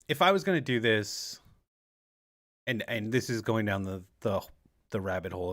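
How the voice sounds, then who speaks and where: A man's voice: on the low side, fairly bright tone. An American man co-hosting a podcast, rambling through a casual conspiracy chat with jokey asides. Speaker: podcast co-host.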